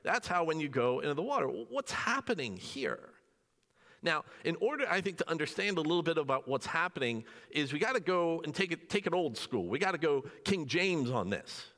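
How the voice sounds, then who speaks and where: A man's voice: on the high side, sing-song, fairly quick, a bit bright, big-room sound. A man preaching a sermon as pastor in a church, conversational, asking the congregation questions and acting out dialogue. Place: church sanctuary.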